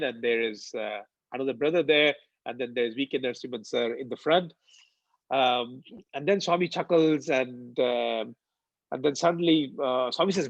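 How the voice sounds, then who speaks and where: A devotional speaker from India, a man in his 40s, gives an animated personal testimony at a medium pitch, often filling pauses with "uh" and "um." The recording is dull and lo-fi, dry with no room sound.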